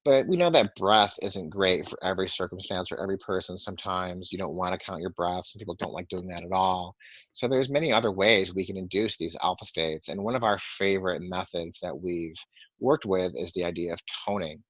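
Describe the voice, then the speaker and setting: A man with a very low, deep voice leads a guided breathing and toning session, counting breaths slowly and softly. The audio is dry and slightly muffled, as if from a webinar microphone. He sounds like a calm meditation teacher speaking to an online group. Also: no echo. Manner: calm, soft-spoken guidance, counting slowly.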